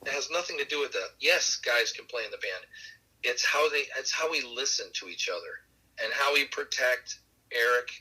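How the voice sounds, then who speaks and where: A musician being interviewed on a podcast, telling relaxed stories with many fillers and light laughs. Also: male voice, medium pitch, moderate pace, husky, rough recording. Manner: warm anecdotal, laughs along, many fillers. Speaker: musician guest.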